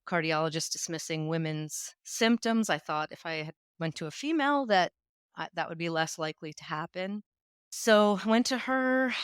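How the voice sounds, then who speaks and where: A woman's voice: fairly low pitch, a bit bright, clean tone, no room sound, studio quality. A woman in her fifties from New England, a podcast guest telling her story in a candid, chatty way with many asides. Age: 50s. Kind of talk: conversational storytelling.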